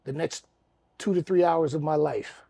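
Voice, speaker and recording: A podcast co-host spins a rowdy anecdote, swearing freely and acting out every beat. His voice sits fairly high for a man but comes out rough with a heavy fry and a husky edge. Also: moderate pace. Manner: animated, profane, acts out scenes. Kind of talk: casual storytelling.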